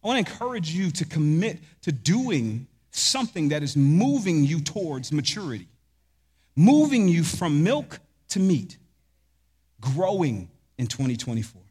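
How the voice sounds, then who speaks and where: A man's voice: fairly high pitch, very animated, unhurried, darkish tone, husky, in a large hall. A man preaching a sermon as pastor, asking rhetorical questions and answering them with emphasis.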